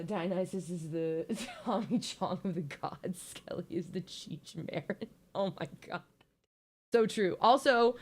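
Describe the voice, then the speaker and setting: A young woman giving a casual, joking slideshow presentation, playful and giggly with lots of ums. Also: medium pitch.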